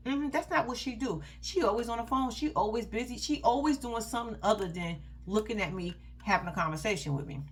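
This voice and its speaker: A woman's voice: on the high side, a little fast, few pauses, a little hiss or hum. A woman giving casual commentary on a reality show, blunt, heated and full of profanity, and talking straight to her viewers. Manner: addresses viewers directly as "y'all".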